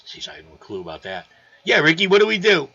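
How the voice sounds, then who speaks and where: A man with a gravelly voice hosting a casual live stream, loose and excitable, reading viewer comments aloud. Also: on the high side, quick pace. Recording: dull lo-fi stream audio.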